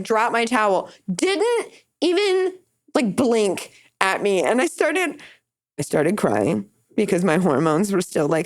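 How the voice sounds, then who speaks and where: A young woman hosting a podcast, telling candid stories in casual chat and jumping high in pitch when she quotes people. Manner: candid, rambling storytelling with big pitch jumps for quoted voices. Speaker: podcast host.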